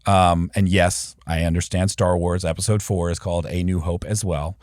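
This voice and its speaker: A man's voice: low-pitched, steady tone, normal speed, darkish tone, no room sound, clean studio sound. A man from Philadelphia, a guest improviser, chatting on a podcast in a reflective, rambling way. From Philadelphia, USA. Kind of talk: casual podcast chat.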